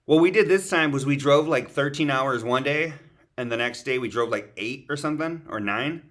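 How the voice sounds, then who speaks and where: A man in a loose, profane podcast chat, full of slang and calling people "dog" as he rambles. His pitch sits in an ordinary middle range for a man. He streams from the road, away from home. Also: normal speed, fairly bright tone. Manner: slangy, swears a lot, calls people "dog". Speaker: podcast co-host. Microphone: streaming setup.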